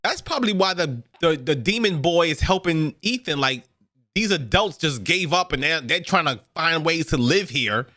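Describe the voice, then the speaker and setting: A man reacts to a TV show he is watching, his voice bright and lively as he exclaims and throws in a casual "yo." Show audio plays faintly behind him. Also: a little high, normal speed, faint music behind. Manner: exclaims often, says "yo". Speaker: reaction video host. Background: show audio playing.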